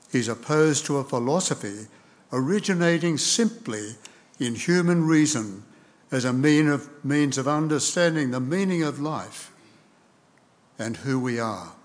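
A man preaching a sermon, speaking in a measured, deliberate way and reading scripture aloud. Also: on the high side. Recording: long reverb of a large hall.

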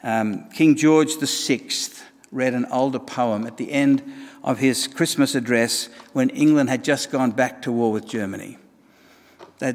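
A man's voice: mid-range voice, in a large hall. A man preaching a sermon in a conversational way, with wry asides and emphatic points.

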